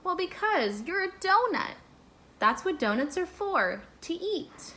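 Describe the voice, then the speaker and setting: A woman's voice: extremely high pitch, very animated, measured pace, pushed and bright, pitched above the performer's own voice, exaggerated voice. A woman voicing an awkward, sheepish grown man who stammers, in a children's storybook read-aloud. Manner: stammering, hesitant.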